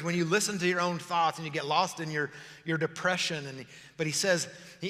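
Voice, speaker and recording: A man preaching a sermon as pastor, often hushed and close to tears, at times lively and joking. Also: on the high side, brisk, long reverb tail. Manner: emotional, voice breaking into tears at times; shifts between hushed intensity and lively joking.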